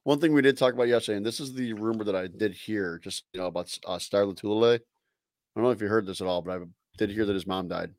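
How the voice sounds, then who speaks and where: A man's voice: lowish voice, fast talker, no room sound, clean studio sound. A man co-hosting a casual sports podcast, laid-back, using fillers as he reels off stats and rumors. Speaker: podcast co-host.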